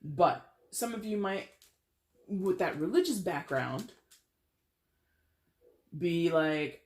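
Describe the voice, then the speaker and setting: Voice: mid-range voice, lively intonation, slow pace, long pauses. A tarot reader giving a casual, chatty reading with playful, dramatic exaggeration. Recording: roomy echo.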